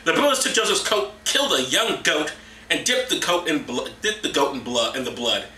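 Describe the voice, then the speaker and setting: Sarcastic male comedy reader, lively pitch, very bright tone, echoey room at a distance. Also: brisk. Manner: mocking, jumps into silly high voices for characters. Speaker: comedy vlogger. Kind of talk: sarcastic bible reading commentary.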